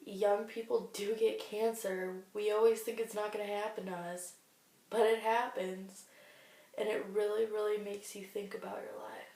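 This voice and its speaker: A woman in her twenties, talking earnestly and warmly about her faith in a personal video diary. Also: mid-range voice, fairly even intonation, moderate pace. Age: 20s. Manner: earnest, heartfelt, faith-filled. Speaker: vlogger sharing a cancer diary. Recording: echoey room, distant mic.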